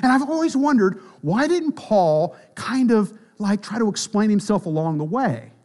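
A pastor preaching a sermon in a church, emphatic, swinging between loud declarations and quiet, dropped phrases. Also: male voice, animated, normal speed. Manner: emphatic, rises and drops sharply in pitch and volume.

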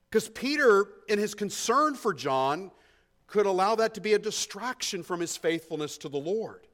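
A man preaching an expository sermon, emphatic, swinging between hushed asides and loud stresses, often repeating words as he thinks. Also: high voice. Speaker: pastor.

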